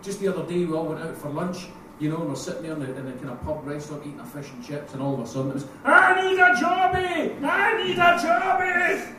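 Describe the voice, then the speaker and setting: A man with a Scottish accent doing a crude, animated stand-up comedy set, slipping into put-on voices. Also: on the high side, very fast, few pauses. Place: live comedy venue with audience. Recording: echoey room, mic heard from far off, noisy.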